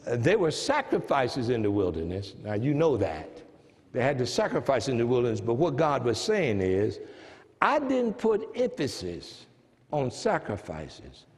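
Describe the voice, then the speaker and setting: A man's voice: medium pitch, sing-song, moderate pace, a little mellow, in a large hall. A man with an American accent preaching a sermon, who stresses key phrases and repeats them as his emphasis builds. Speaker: pastor.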